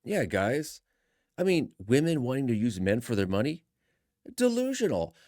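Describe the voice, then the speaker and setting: A man's voice: medium pitch, lively intonation, normal speed, darkish tone, dry recording, studio quality. A man hosting reaction commentary, speaking in a sarcastic, mocking way. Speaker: commentary host.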